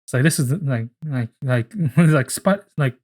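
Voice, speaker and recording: Rambling, swearing man pitching ideas. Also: normal speed, darkish tone. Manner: rambling, profane, full of restarts. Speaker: podcast co-host. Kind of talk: casual chat.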